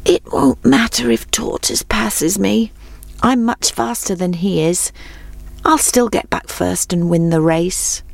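A woman's voice: on the low side, lively intonation, slow pace, gravelly, no room sound, exaggerated voice. A woman voicing a boastful young male hare in a storybook reading, bragging and mocking. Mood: drowsy.

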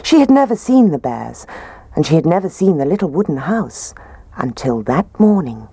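A woman reads a children's story aloud with a low, husky voice that swoops up and down. Her delivery is expressive and sing-song, recorded close and dry. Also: moderate pace, no room sound.

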